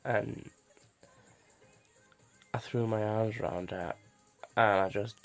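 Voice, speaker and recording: Young man for a to-camera vlog: gravelly, slightly low, halting and full of restarts. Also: steady tone, soft background music. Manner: halting, many restarts and fillers. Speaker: vlogger. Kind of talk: personal storytelling to camera.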